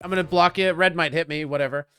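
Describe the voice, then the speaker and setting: A man streaming a strategy board game online, commenting casually, joking with chat and getting loud when frustrated. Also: on the high side, steady tone, fast talker, clean tone, soft background music.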